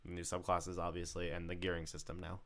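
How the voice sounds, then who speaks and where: Young male co-host, very deep voice, jokey and theatrical in casual gaming talk. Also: completely flat delivery. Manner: dramatic mock despair, quick laughs. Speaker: podcast co-host. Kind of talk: casual gaming podcast chat.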